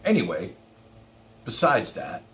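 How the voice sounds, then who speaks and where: A man chats on his own livestream in a boastful, rambling manner. He talks slowly, his high voice swinging widely with a gravelly edge. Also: wildly swooping pitch, a bit bright, a little hiss or hum. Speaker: livestream host. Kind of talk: casual livestream chat.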